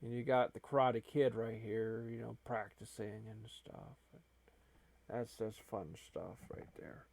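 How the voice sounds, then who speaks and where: A man's voice: fairly low pitch, fairly even intonation, measured pace, creaky, darkish tone, dry recording. A man hosting a gaming video, rambling in casual, self-deprecating gameplay commentary.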